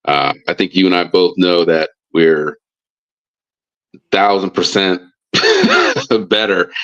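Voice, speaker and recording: A man's voice: deep voice, huge pitch swings, slow pace, fairly bright tone, muffled recording. A man, a football coach, telling a casual story on a podcast, full of fillers and restarts. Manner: rambling with many fillers and restarts. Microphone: live stream mic.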